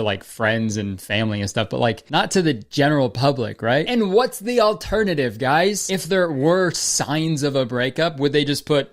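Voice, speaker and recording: A young man from Canada giving comedic commentary in a sarcastic, self-mocking way, swearing freely. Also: medium pitch. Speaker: comedy YouTuber.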